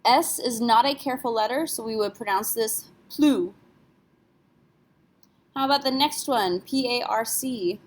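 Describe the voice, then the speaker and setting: Patient woman teaching French letters. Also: on the high side. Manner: patient, spells letters out slowly. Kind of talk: classroom lesson explanation.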